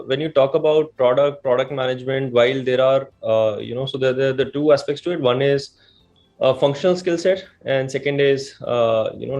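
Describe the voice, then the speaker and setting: A man answering as a panelist, halting and repeating words, often ending with "right?". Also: mid-range voice, a little mellow, highs cut off. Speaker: panelist, co-founder.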